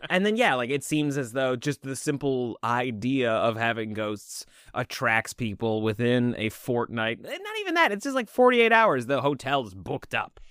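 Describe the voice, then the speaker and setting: A man co-hosting a film podcast, talking in a loose, conversational way. His pitch swings widely, and he laughs and swears casually as he goes. The sound is dry and close to the mic. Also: big pitch swings, normal speed, hardly any pauses, fairly bright tone, smooth, no room sound. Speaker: podcast co-host.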